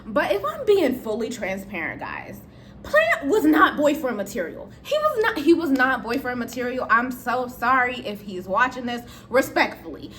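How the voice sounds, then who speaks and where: A woman's voice: on the high side, big pitch swings, moderate pace, fairly bright tone, a little hiss or hum. A woman casually telling a storytime to her channel's viewers, chatty and addressing them directly. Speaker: storytime vlogger.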